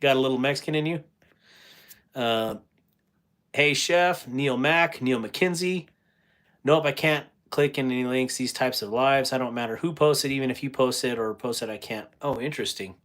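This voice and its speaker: A middle-aged man hosts a relaxed livestream, reading out viewer comments and answering them with easy laughs. His voice sits at an average pitch and he talks in a loose, chatty way. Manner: chatty, laughs often, reads chat aloud. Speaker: livestream host.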